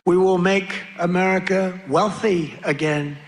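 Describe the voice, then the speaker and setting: A man's voice: high-pitched, steady tone, measured pace. A man giving a rally speech in a large venue, boastful and repetitive, with rambling asides. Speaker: political rally speaker. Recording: crowd noise from a live rally. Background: cheering crowd and ambient noise.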